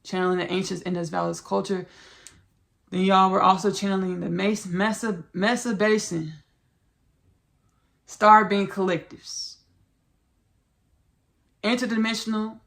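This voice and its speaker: Gravelly Southern-accented woman podcaster. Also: mid-range voice, steady tone, measured pace, pauses often, fairly bright tone. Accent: Southern US country. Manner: rambling and repetitive, with frequent restarts, calling listeners "y'all" and "baby". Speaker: podcast host. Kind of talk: channeled spiritual monologue.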